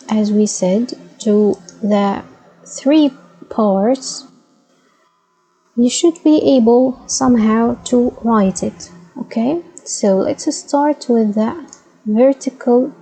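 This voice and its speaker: A woman's voice: fairly high pitch, dark tone, breathy edge, poor audio. A woman, teaching letter sounds patiently and checking in with frequent "okay?"s. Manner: patient, says "okay?" often, models sounds by repeating them. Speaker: Arabic teacher. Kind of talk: slow instructional explanation.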